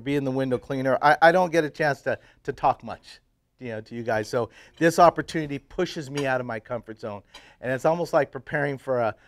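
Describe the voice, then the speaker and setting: A man in his fifties, a church pastor, casually telling his life story to a men's breakfast group, swinging from loud, laughing bursts to quiet, earnest stretches. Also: fairly high pitch, dry recording. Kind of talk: casual personal testimony talk. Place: live talk to a roomful of men at a breakfast.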